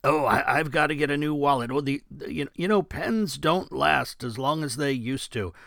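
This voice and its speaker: A man mimicking a rambling, gravelly radio host. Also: on the high side, fairly bright tone, dry recording, studio quality, voice pushed up. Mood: flustered. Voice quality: gravelly, fast, in broken half-sentences.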